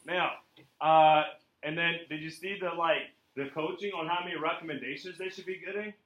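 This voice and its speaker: A man coaching a room of salespeople at a training seminar, energetic and checking in often with his listeners. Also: on the high side, normal speed, roomy sound, far from the mic, rough recording.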